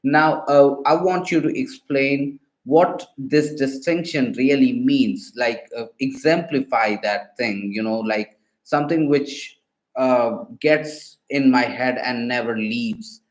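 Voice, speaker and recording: A man's voice: medium pitch, slow, reverberant, low-quality recording. A man quizzing a voice assistant on linguistics, hesitant, with many fillers and restarts. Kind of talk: spoken questions to a voice assistant.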